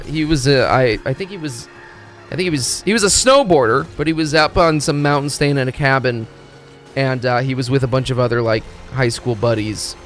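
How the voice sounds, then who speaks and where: A man streaming a video game, talking in a rambling, excitable, profane way as he plays. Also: mid-range voice. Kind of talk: casual gaming commentary. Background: faint game music.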